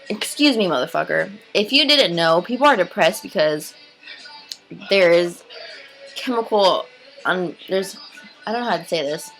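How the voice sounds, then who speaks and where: Earnest woman with a gravelly, bright voice. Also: fairly low pitch, expressive, normal speed, pauses often, faint music behind, rough recording. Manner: earnest, rambling, swears freely. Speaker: vlogger. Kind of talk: casual heartfelt talk to camera.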